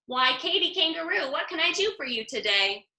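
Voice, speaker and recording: A woman voicing a kindly, soft-hearted mother crocodile in a storybook reading. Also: high-pitched, big pitch swings, moderate pace, reverberant, voice pushed up, exaggerated voice.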